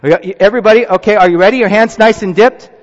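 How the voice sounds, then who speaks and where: A man's voice: sits high, racing. A man serving as pastor, giving a children's sermon and coaxing the congregation into a group activity in a church sanctuary. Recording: muffled sound in a reverberant church.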